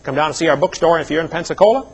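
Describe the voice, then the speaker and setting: A man's voice: a little high, very fast, slightly rough, low-quality recording. A middle-aged man preaching a seminar sermon, telling personal stories in a folksy way with joking asides. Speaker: evangelist speaker.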